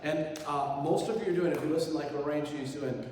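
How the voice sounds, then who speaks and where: Brisk and steady in tone, this man's slightly high voice gives instructions to a choir in rehearsal, mixing in encouragement and jokes. He's the choir director, heard from far off in an echoey hall over loud piano, with slight background noise.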